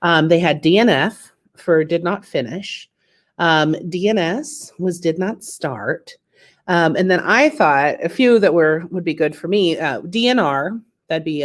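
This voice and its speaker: A woman doing a chatty, self-deprecating stand-up comedy set over a video call, with lots of fillers. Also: lowish voice.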